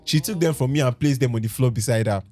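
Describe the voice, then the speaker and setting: A man's voice: medium pitch, fast, darkish tone, faint music behind. A Nigerian man hosting a podcast, reading a story aloud with dramatic delivery and breaking off to laugh and joke with his co-hosts. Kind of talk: casual podcast reading with banter.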